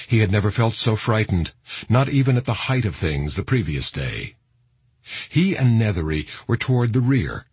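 Deep, very husky male narrator. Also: no room sound. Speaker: audiobook narrator. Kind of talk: scripted narration.

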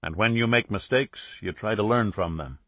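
A man's voice: fairly low pitch, moderate pace, sharp tone, dry recording. A man reading an audiobook, voicing an older TV commentator who speaks politely and earnestly, trying to appease. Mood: appeasing.

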